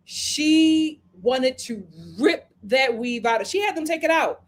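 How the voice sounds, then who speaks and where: Her voice sits high and her pace is slow as she hosts a casual live-stream review, reading viewer comments and chatting through animated, dramatic retellings.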